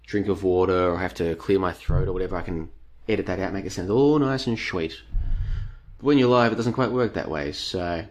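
A man with a fairly low voice hosts a long live stream, reading chat and wandering off into tangents. He talks casually to his viewers and stacks up rhetorical questions. After hours on air his voice is starting to wear. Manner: rambling, talks straight to the audience as "folks", repeats rhetorical questions.

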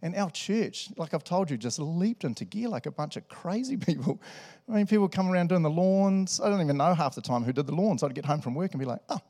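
New Zealand pastor, chatty sermon. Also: male voice, fairly high pitch, expressive, a little fast, dark tone. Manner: conversational, laughs often, tag questions. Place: church hall with congregation.

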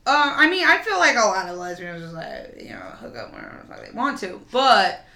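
Animated, profane woman in a roomy space. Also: medium pitch, a little fast, gravelly. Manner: profane, animated storyteller who acts out quotes. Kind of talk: casual chat. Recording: roomy echo.

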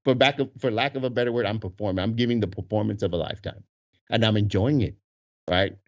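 A man telling a casual story with animated energy, laughing often and acting out the voices of the people in it. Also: fairly low pitch, fast. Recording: dull lo-fi recording.

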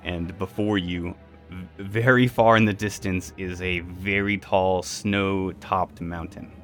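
A man runs a tabletop game, painting each scene in unhurried detail and throwing in sound effects. His voice is low and his pace slow, with faint music behind him. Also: steady tone, a bit bright. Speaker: game master.

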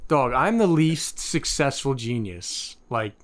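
A man's voice: medium pitch, big pitch swings, slow. A man co-hosting a podcast in a casual, laid-back chat, dropping "dude" and "man" often. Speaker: podcast co-host.

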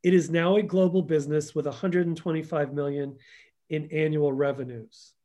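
Brief: man, interview guest, higher-pitched voice, storytelling, acts out quotes. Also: steady tone, moderate pace, warm tone, highs cut off. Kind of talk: conversational podcast interview.

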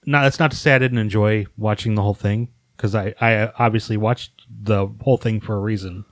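A man's voice: on the low side, steady tone, fairly quick, no room sound. A man co-hosting a casual podcast chat, hedging his opinions with lots of fillers. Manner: hedging, soft-spoken, full of fillers. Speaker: podcast co-host.

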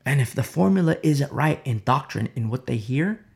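A man's voice: medium pitch, expressive, moderate pace, vocal fry. A man preaching an informal sermon, impassioned and rambling, with many fillers and repeated phrases.

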